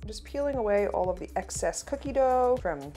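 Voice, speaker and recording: A woman's voice: mid-range voice, expressive, brisk, warm tone, faint music behind. A woman, hosting a casual baking tutorial, chatty and playful with jokey asides. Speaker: host of a baking show.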